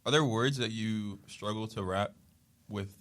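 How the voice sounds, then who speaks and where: A man's voice: fairly low pitch, measured pace, fairly bright tone. A man co-hosting a casual chat, teasing the guest and asking him questions. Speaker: podcast co-host.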